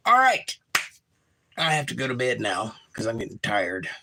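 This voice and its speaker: Male stream host, bright tone, casual and chatty, animated comment reader. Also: a little fast, creaky. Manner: reads chat messages aloud and answers them warmly; animated, pitch jumps when reading comments. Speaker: livestream host. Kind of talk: casual chat reading viewer comments aloud.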